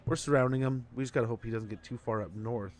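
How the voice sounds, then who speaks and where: A man's voice: mid-range voice, fairly even intonation, fast, slight background noise. A man streaming a strategy game, giving casual commentary and rambling through a story with lots of fillers.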